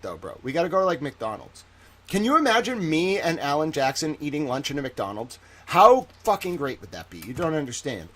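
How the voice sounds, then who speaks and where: Male streamer, casual rant, profane and jokey, fairly high voice, very lively pitch. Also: husky. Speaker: live-stream host.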